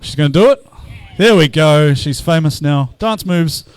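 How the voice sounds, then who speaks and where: A man's voice: a little high, expressive, normal speed, smooth, no room sound. A man commentating live at an outdoor drift event, bantering and teasing the crowd between battles.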